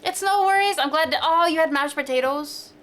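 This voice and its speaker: A woman's voice: high-pitched, fairly quick, fairly bright tone. A woman chatting casually on a live stream, bubbly and playful as she greets viewers at her desk microphone.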